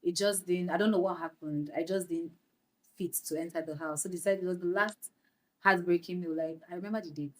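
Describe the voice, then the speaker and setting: A young Nigerian woman with a Nigerian accent, a guest on a podcast, telling her story in a lively way, slipping into Pidgin phrases and laughing. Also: lowish voice, fairly quick. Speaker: guest actress. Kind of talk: podcast interview.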